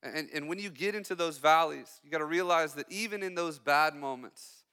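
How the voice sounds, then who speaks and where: A young man preaches as a student pastor in a church hall, his joking, chatty sermon full of quick asides to the room. His voice is a touch high, bright and crisp, carrying a long reverb from the hall.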